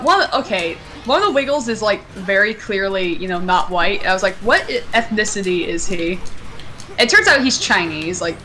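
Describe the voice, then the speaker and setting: A woman's voice: medium pitch, pushed and bright. A young woman from Maine chatting casually and swearing freely while streaming a game. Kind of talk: casual chat while gaming. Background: game music.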